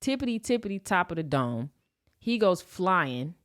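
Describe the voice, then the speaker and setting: A woman in her late twenties from Los Angeles, telling a personal story on a podcast in a slangy, animated way and acting out the scenes. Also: on the low side, moderate pace. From Los Angeles, USA. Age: 20s. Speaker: podcast host. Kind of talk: casual storytelling.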